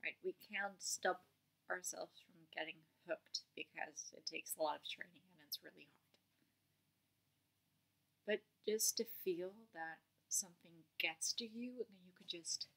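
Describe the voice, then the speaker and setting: Slow, candid young woman vlogging. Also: fairly low pitch, vocal fry, slightly rough. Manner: slow, unguarded, drifts into soft near-whispers; swearing and laughing as she talks. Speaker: vlogger sharing a meditation practice. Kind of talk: candid personal vlog.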